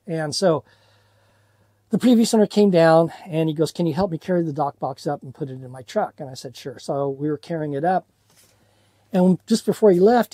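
A man's voice: on the high side, dark tone, no echo. A man telling a rambling, self-deprecating story about his first boat, full of fillers and restarts. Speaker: sailing vlogger. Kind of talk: casual storytelling.

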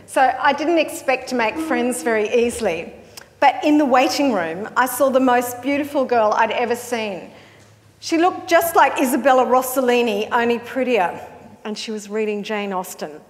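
High-voiced Australian woman telling a story. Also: big-room sound. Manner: wry, anecdotal, amused. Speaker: flautist narrator. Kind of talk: storytelling narration.

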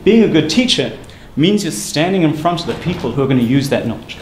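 A man giving a university seminar talk, brisk and emphatic in a conversational lecturing manner. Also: on the high side, animated, a little mellow. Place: lecture room. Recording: echoey room with faint ambient noise.

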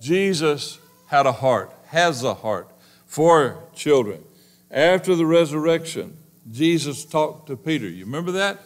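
Man, pastor, preaching a sermon, emphatic, addresses the congregation, loud then hushed. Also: a little high, big pitch swings. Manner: swings between loud emphasis and hushed, slow delivery.

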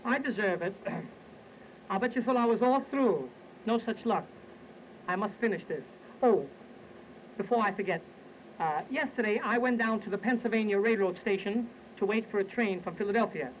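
High-voiced man, wisecracking stage comic. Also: slight background noise. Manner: brisk wisecracking storyteller. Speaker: stage entertainer. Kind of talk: comic patter between songs. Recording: dull lo-fi 1920s sound film with loud music.

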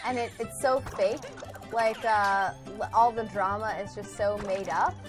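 A woman's voice: medium pitch, fairly even intonation, a little slow, over music. A young woman co-hosting a gaming livestream in casual chat. She reads viewer comments aloud and chats easily. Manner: chatty, reads viewer comments aloud, puts on silly granny voices.

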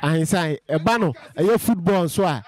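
Lively Ghanaian man interviewing. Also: fairly high pitch, normal speed. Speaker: street interviewer. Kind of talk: casual on-the-street interview.

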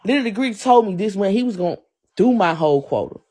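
A woman's voice: medium pitch, animated, fast, mellow. A young adult woman on a livestream, ranting in a heated, profane, repetitive way and answering her chat. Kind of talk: angry live-stream rant.

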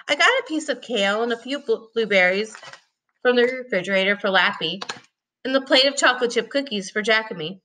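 A woman's voice: medium pitch, lively intonation, brisk, pushed and bright. A woman teacher reading a chapter book aloud expressively, with casual asides.

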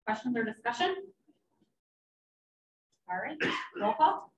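A woman chairing a board meeting, reading a motion and calling for questions and votes in a brisk, businesslike way. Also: a little high, big pitch swings. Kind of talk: formal meeting procedure. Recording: dull, echoey meeting room audio.

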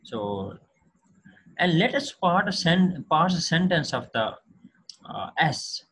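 A man giving a recorded linguistics lecture, talking haltingly with many fillers and restarts. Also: a little high, big pitch swings, fairly bright tone, husky, rough recording.

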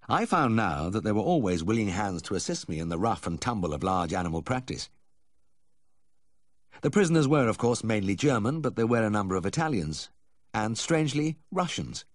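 Expressive low-voiced male audiobook narrator. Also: dry recording, clean studio sound. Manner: measured, expressive storytelling. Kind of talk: scripted first-person narration.

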